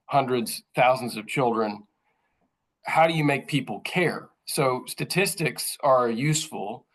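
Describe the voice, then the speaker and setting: A man's voice: mid-range voice, rough recording. A man, a journalist giving a thoughtful, earnest presentation to other journalists, with frequent fillers and restarts. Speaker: journalist speaking at a training session.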